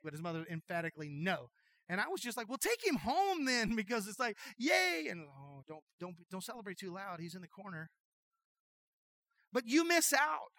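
A middle-aged man preaching a sermon as pastor, telling folksy jokey stories in an animated way. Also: high voice, no room sound.

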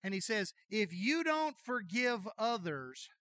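A middle-aged man preaching a sermon as pastor, telling folksy jokey stories in an animated way. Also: sits high, slow pace, no room sound.

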